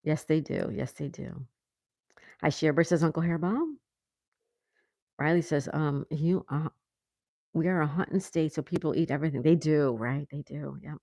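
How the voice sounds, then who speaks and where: A woman's voice: sits low, normal speed, mellow, no room sound, clean studio sound. A woman hosting a casual livestream, reading viewer comments aloud and laughing often. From United States. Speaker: livestream host. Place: home in Florida.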